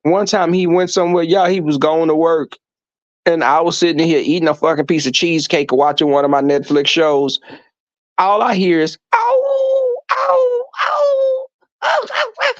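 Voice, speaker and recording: A man hosting a livestream, telling stories to his viewers in an animated, profane way and acting out the voices in them. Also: on the high side, moderate pace, no room sound, muffled recording. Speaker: livestream host reading chat. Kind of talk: casual storytelling to viewers.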